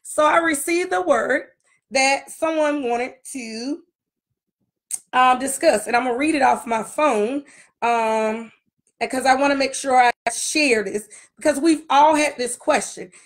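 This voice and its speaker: Lady pastor w a high voice doing a chatty livestream intro, shouting out folks by name, says things twice. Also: a little slow. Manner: warm greetings to viewers by name, repeats phrases. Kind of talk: casual livestream sermon greeting.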